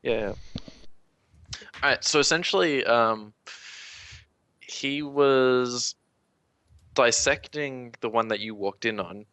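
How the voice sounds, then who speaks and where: A man's voice: lowish voice, a bit bright. A man running a tabletop game as game master over voice chat, rambling and searching for words.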